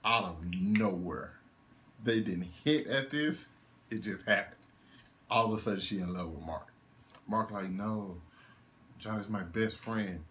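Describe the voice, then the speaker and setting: A young man records a casual one-take movie review in a voice on the low side, speaking at a measured pace with long pauses. There's slight background noise as he rants in animated disbelief, laughing and swearing.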